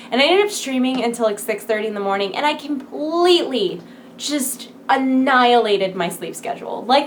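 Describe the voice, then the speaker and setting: A woman's voice: a little high, slight background noise. Peppy late-night woman vlogger. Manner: peppy, rambling, giggly. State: wired on coffee late at night. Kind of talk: casual chat to camera.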